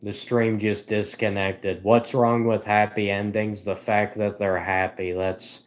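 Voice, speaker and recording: A man hosts a casual live stream and rambles about himself. He is self-deprecating and giggles often. His voice sits fairly low. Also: little pitch movement, a little slow.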